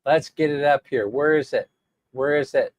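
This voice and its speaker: A man's voice: on the high side, moderate pace, no room sound. Chatty man on a dry mic. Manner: chatty, rambling, laughs often. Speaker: vlogger reading live chat. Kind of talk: casual livestream chat.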